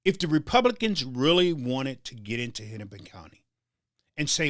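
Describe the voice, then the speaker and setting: With a mid-range, fairly bright voice, a male talk show host swings his pitch widely at a normal speed. He delivers a fiery political monologue, restarting with stammers and falling into a preacher's cadence. It's studio-quality audio with no room sound.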